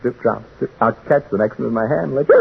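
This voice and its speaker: An actor playing a nervous, chatty radio announcer who stammers and rambles, in a 1940s radio drama. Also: male voice, mid-range voice, fast, vocal fry, breathy edge, full character voice. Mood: frightened. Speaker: radio announcer in a haunted house. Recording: tinny old 1940s radio broadcast.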